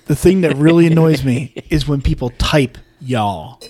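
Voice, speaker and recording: A man's voice: a little high, normal speed, darkish tone. Ranting podcast co-host, a man. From US East Coast. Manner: opinionated, ranting, reads listener messages aloud. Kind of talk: casual podcast banter.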